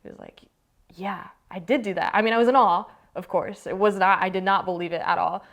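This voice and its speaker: A woman's voice: mid-range voice, steady tone, brisk, gravelly, fairly bright tone. A young woman from the United States, a youth soccer player, recounts her story in a documentary interview, chatty and full of fillers.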